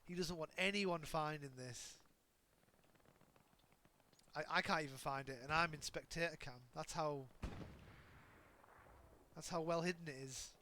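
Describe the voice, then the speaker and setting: A man giving live play-by-play commentary on an online shooter match, excitable and often correcting himself mid-sentence. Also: a little high, measured pace, pauses often. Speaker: game commentator. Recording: noisy with gunfire in background. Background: game gunfire and ambience.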